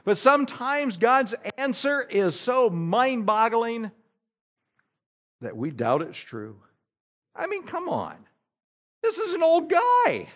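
A male pastor preaching a sermon, telling the story in an animated, humorous way. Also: very high voice, slow pace, pauses often.

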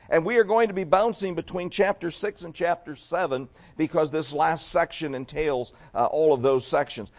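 A middle-aged man preaching a sermon, talking straight to his congregation and swinging from loud emphatic peaks to quieter asides. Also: a little high. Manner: emphatic preaching with rising and falling loudness; addresses the congregation directly. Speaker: pastor.

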